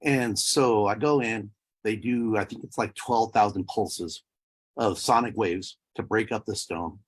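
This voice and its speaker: Husky-voiced man telling his story. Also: on the low side, unhurried. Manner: emotional, voice breaking at times. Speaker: speaker sharing a personal story. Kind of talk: personal testimony.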